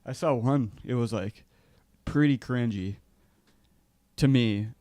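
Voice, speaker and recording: A laid-back man co-hosting a casual podcast chat, laughing often and swearing freely. His voice sits at an ordinary middle pitch for a man. The recording is dry and close, with little room sound. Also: slow, darkish tone, no echo. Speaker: podcast co-host.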